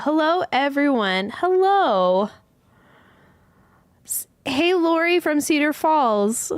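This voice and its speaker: Her voice is high-pitched and the recording is dry. As host of her yarn studio's casual livestream, she greets each viewer by name and chats along, somewhat scattered while reading comments.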